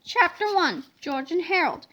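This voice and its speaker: A woman reading a children's chapter book aloud in a playful, expressive way. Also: very high voice, a little slow. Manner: expressive, playful storybook delivery. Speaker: reader.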